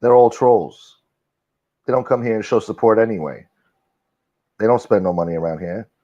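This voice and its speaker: Aggrieved low-voiced man ranting on stream. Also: moderate pace, mellow. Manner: aggrieved, defensive, profane. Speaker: livestream host. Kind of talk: casual livestream rant. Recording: dull lo-fi stream audio.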